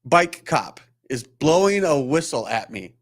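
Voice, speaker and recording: A man's voice: a little high, big pitch swings, a little slow. A man, a chiropractor hosting a live show, telling a rambling, self-deprecating story in casual chat. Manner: rambling, self-deprecating, acts out quoted voices.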